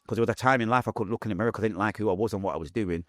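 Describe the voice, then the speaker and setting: A young man with a broad Mancunian accent tells his story at a rapid clip, acting out voices as he goes. His voice sits fairly low. The sound is close and dry, with no room echo. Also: a bit bright. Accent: Mancunian English. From Manchester, England. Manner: fast, vivid storytelling with acted-out quotes. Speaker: guest. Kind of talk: podcast interview storytelling.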